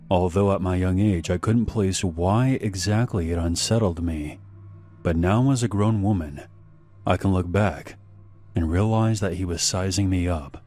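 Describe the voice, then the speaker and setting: Man, very deep voice, scripted horror narration, measured and deliberate, faint background music. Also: a little mellow.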